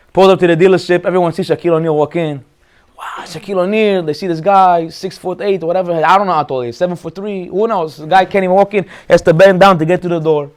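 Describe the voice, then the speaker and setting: A man giving a Torah talk as a rabbi, telling stories in an animated way and acting out the characters. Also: sits high. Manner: animated storyteller, acts out characters.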